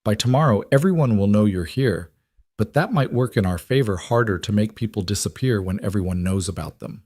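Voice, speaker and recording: A man voicing a protective single father who speaks calmly and firmly. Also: fairly low pitch, fairly quick, dry recording. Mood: steady. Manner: calm, firm.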